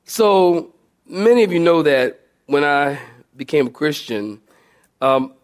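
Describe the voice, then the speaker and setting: A man preaching a sermon as pastor, telling a humorous personal story to his congregation with animated delivery. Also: a little high, slow. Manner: southern-style "y'all" to congregation.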